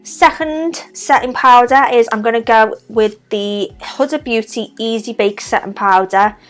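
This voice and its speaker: A woman's voice: fairly high pitch, unhurried, soft background music. A young woman with a Liverpool Scouse accent, talking through a makeup tutorial step by step with chatty, self-deprecating asides. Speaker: makeup vlogger. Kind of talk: casual makeup tutorial narration.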